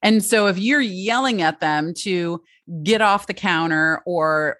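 A chatty woman talking through advice, her voice set a little low. She drops frequent fillers and side remarks. The sound is close and dry, with no room around it. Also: unhurried, fairly bright tone, no room sound. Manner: chatty, many fillers and asides. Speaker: podcast guest giving parenting advice. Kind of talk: casual advice talk.

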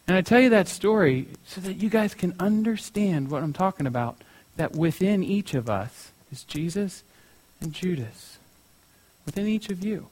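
A young man preaching in a casual, chatty way, telling a story with many fillers like "you know". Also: a little high.

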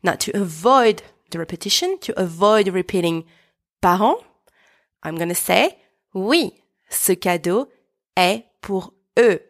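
A French woman with a French accent, hosting a podcast lesson and slowly repeating words for learners to say back. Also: medium pitch, lively intonation. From France. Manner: slow, patient, repeats words for learners to echo. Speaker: French teacher, podcast host.

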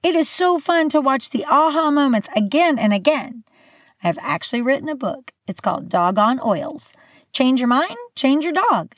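Bubbly, lively older woman host. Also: sits high, moderate pace, no room sound, studio quality. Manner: bubbly and animated, playful asides. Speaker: podcast host. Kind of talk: casual solo podcast talk.

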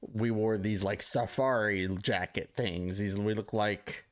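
A man co-hosting a casual podcast, introducing listener topics and telling an anecdote, with relaxed "uh" fillers. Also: lowish voice, a little slow. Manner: easygoing, with "uh" fillers and restarts. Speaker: podcast co-host. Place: live-streamed podcast studio.

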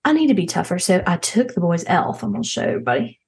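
A woman's voice: on the low side, big pitch swings, fast, darkish tone, slightly rough, full character voice. A woman playing a dramatic, petty mom who rambles and gossips. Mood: exasperated. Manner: rambling, gossipy, full of restarts, acts out others' voices. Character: frazzled wealthy Southern mom, dramatic, petty. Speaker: show's main character. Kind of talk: comedic character monologue.

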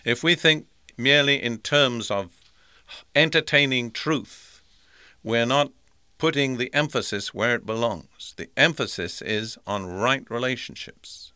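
A man's voice: medium pitch, unhurried, pushed and bright, clean tone, no echo, clean studio sound. A man preaching a sermon in an earnest, emphatic way, repeating his points for stress.

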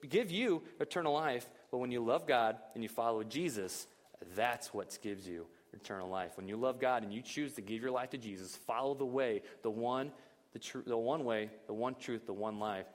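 A man preaching a lively, conversational sermon at a church service, full of rhetorical questions. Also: on the low side, fast, big-room sound. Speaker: pastor.

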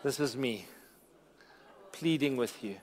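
A man preaching a sermon in a church, animated, repeating phrases for emphasis and joking with the congregation. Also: medium pitch, slow, big-room sound. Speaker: pastor.

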